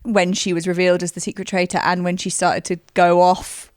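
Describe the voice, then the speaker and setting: A woman's voice: fairly low pitch, level tone, a little fast, a little mellow, dry recording, studio quality. A woman co-hosting a casual chat about a TV show, giggly and dramatic, laughing often. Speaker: podcast co-host.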